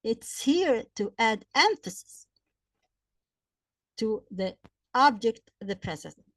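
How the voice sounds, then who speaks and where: Woman teaching english grammar, kinda high voice, slow and repetitive, dry close sound. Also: big pitch swings, no room sound. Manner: slow, repetitive explaining with examples. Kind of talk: explanatory grammar lesson.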